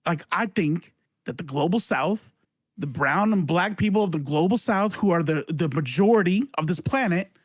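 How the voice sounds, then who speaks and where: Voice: medium pitch, expressive, moderate pace, dry recording. A podcast co-host on a video call in casual chat, talking in a heated, profane rant.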